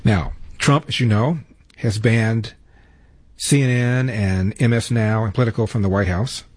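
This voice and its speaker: A man hosting a talk radio show, giving sardonic commentary and reading ads in a brisk manner. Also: lowish voice, steady tone. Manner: brisk, sardonic delivery with ad reads. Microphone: studio microphone.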